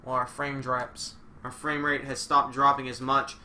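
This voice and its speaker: A man's voice: mid-range voice, flat delivery, measured pace, pushed and bright, soft background music. A young man livestreaming a wrestling game, joking and swearing casually as he commentates. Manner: joking, profane, rambling. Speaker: streamer and commentator.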